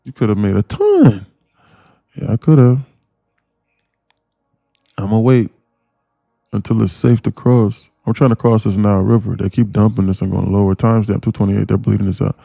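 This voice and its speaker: A man giving live day-trading commentary on a stream, talking in an animated, emphatic way that keeps repeating and restarting phrases. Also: on the low side, normal speed, creaky, long pauses, no echo.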